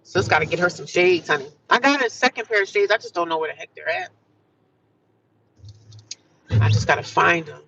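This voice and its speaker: Driving while she livestreams, this middle-aged vlogger talks fast in a lowish, gravelly voice. She's upbeat in her casual chat, offering affirmations and addressing viewers as "honey" and "child." The sound is lo-fi from a distant mic, with background noise.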